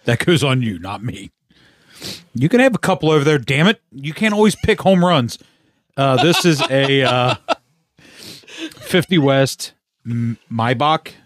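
Guy ribbing his buddies over beers, cusses a lot, mid pitch. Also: animated, unhurried, long pauses, dry recording, studio quality. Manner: joking, profane, laughs often. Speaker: podcast co-host. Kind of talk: casual beer-tasting chat.

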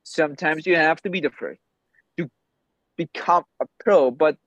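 A man's voice: a little high, moderate pace, a bit bright, no echo, muffled recording. A man whose first language is German, a podcast guest, who talks emphatically and bluntly and swears often. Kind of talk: candid podcast conversation.

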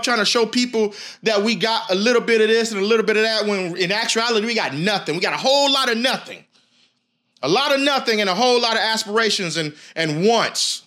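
A man's voice: extremely high pitch, sharp tone. A man giving a passionate motivational talk straight to his viewers, gritty and emphatic. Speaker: motivational speaker.

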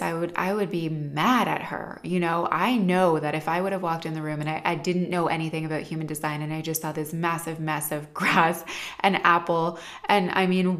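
Chatty woman, lowish voice. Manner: chatty, earnest, lots of "like" fillers. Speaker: parent and parenting coach. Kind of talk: casual talk to camera.

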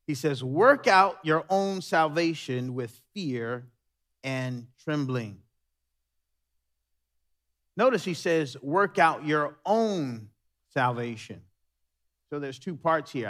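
A male pastor preaching a sermon, animated and full of storytelling. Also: on the high side.

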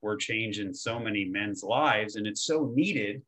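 A man from Florida, a men's coach, talking in an energetic, slangy way with casual swearing in a relaxed podcast chat. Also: fairly low pitch, measured pace, rough recording. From Tampa, Florida.

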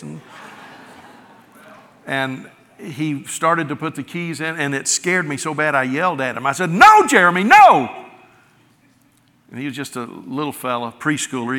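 A middle-aged man preaching from the pulpit with a bright, forceful edge to his voice. He builds to loud emphatic peaks, then pulls back to a soft, intimate hush. The sound carries a long church-hall reverb. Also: medium pitch, creaky. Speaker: pastor. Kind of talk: sermon. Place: large church sanctuary.

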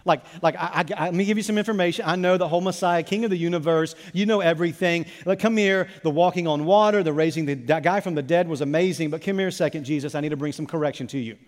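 A man's voice: on the high side, fast talker, hardly any pauses, long reverb tail, lightly acted. A preacher voicing a brash, overconfident grown male disciple who speaks in a chummy, lecturing aside.

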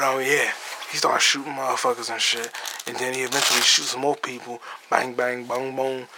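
A man hosting a podcast, recapping a movie in a casual, profane, animated monologue with acted-out quotes. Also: medium pitch, a little hiss or hum. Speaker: podcast host.

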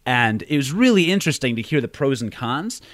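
A man co-hosting a casual podcast, full of quick, joking asides about the show. His voice is recorded very close and dry, with no room sound. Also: medium pitch, big pitch swings, fairly bright tone, dry recording. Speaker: podcast co-host.

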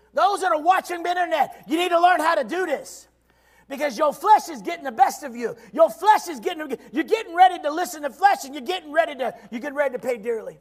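A man preaching a sermon in a shouting, call-and-response style, swinging from loud cries down to quiet low stretches. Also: lively intonation, normal speed.

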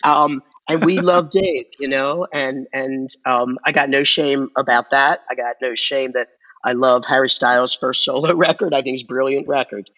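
A man's voice: medium pitch, steady tone, pushed and bright. Man rambling in muffled audio. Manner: rambling, halting with many restarts and fillers. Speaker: record store owner, podcast guest. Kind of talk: casual conversation.

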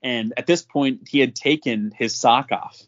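Brief: young man, casual storyteller, mid-pitched, laughing often, muffled lo-fi audio. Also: measured pace. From North Dakota. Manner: animated, laughs often while telling. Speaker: podcast guest.

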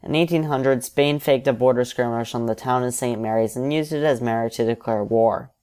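A man's voice: mid-range voice, a little fast, darkish tone, clean tone. Man narrating an alternate history.

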